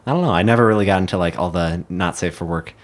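A man's voice: deep voice, fast talker, slight background noise. A man co-hosting a podcast, chatting in a laid-back, teasing way with plenty of hesitant fillers. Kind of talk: casual chat.

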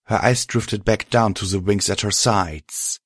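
Male storybook narrator, deep-ish voice, dry close sound. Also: fairly even intonation, measured pace, slightly rough, no echo.

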